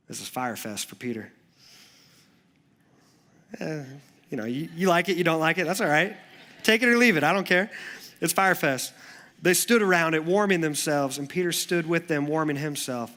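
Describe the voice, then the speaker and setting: A male youth pastor preaching a sermon in a church, telling the story in a storytelling way that moves between hushed moments and lively ones. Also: on the high side.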